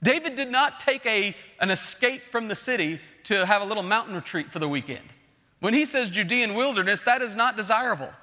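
High, bright-voiced man preaching in a hall. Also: lively intonation, brisk. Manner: earnest, emphatic preaching that swells into pleading. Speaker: pastor. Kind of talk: sermon. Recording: long reverb of a large hall.

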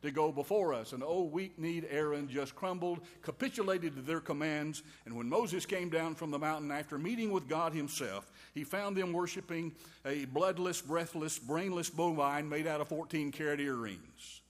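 A man's voice: a little high, normal speed, few pauses. A man preaching a sermon in a folksy, wry way, with homey quips and asides to his listeners. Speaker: pastor. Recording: long reverb of a large hall.

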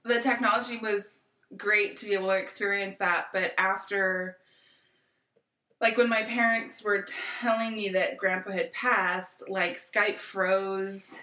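A young American woman in her twenties chats as a podcast guest, thinking aloud with plenty of fillers. Her voice is bright and forward. She sounds a little distant from the mic, in a room with noticeable echo. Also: medium pitch, fairly even intonation, unhurried. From United States. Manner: reflective, rambling with many fillers. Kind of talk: casual conversation.

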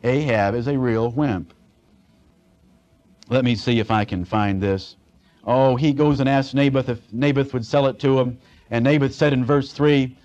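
Captured on a dull lo-fi recording, a man teaches expository Bible lessons, reading scripture plainly and tossing in sarcastic, conversational asides. He speaks at a measured pace in a medium-pitched, slightly mellow voice.

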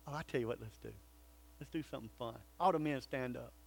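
A male pastor preaching a sermon, swinging between loud calls and hushed, earnest pleading. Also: mid-range voice, quick pace, gravelly, husky.

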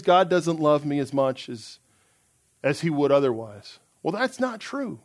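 A man's voice: a little high, sing-song, moderate pace. A man preaching a sermon in an earnest, emphatic way, reading out scripture passages.

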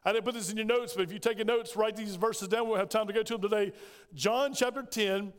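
High-voiced preacher in a reverberant church. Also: male voice, fairly even intonation, fast talker, clear, resonant tone. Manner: preaching with rhetorical questions, quoting scripture in acted voices. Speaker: pastor. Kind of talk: sermon. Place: church sanctuary. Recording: long hall reverb.

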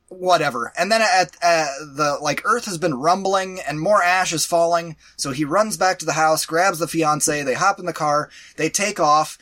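Man, podcast co-host, bright and slightly high voice, animated and exasperated, casual swearing. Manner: animated, exasperated storytelling with profanity. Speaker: podcast co-host reviewing a movie. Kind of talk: casual chat.

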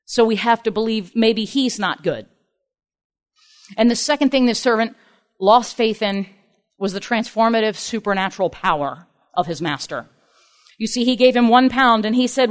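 A woman's voice: on the high side, fairly quick. Earnest woman preaching a sermon. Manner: earnest, emphatic, acts out quoted speakers.

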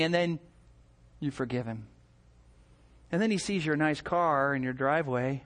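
A man's voice: fairly high pitch, unhurried, long pauses. A male pastor preaching a sermon, telling stories and acting out scenes. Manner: animated storytelling, acts out scenes.

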